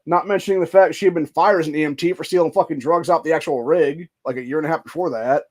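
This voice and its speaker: A man's voice: a little high, expressive, quick pace, few pauses, a little mellow. A man hosting a podcast, rambling in casual commentary with lots of swearing and filler phrases. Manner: rambling and profane, full of fillers. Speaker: podcast host.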